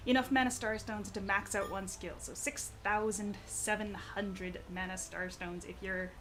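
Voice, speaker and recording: A woman's voice: medium pitch, steady tone, moderate pace, a bit bright. A woman hosting a game live stream, chatting casually while she plays and explains rewards.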